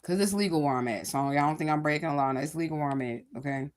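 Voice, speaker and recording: A woman with a slightly lower voice hosts a casual livestream. She rambles candidly, swears freely and keeps turning to her viewers to check they follow. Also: very fast. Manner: addresses viewers directly. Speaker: livestream host.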